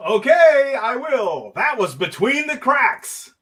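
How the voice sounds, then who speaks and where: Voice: high voice, big pitch swings, slow, a bit bright. A show announcer who introduces segments in a playful, breezy way.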